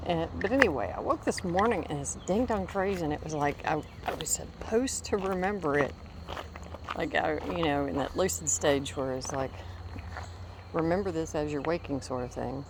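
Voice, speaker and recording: A middle-aged woman talks as she walks her dog along a country path, wandering from one thought to the next and breaking off to speak to the dog. Her voice sits a little low. The outdoor ambience comes through clearly behind her. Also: normal speed. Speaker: vlogger. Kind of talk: casual walking vlog. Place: outdoors on a rural walk. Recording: clear outdoor background noise.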